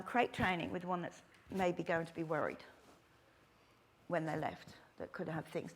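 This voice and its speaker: Woman, middle-aged, warm chatty dog-training tutor voice, mid pitch. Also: slightly rough. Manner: chatty, animated, acts out little quotes. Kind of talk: workshop talk to instructors.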